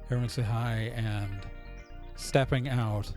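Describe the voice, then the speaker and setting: Over soft background music, a game master runs a tabletop game in a slow, darkish, mid-range male voice with fairly even intonation. His narration rambles, full of fillers, restarts, and self-interruptions.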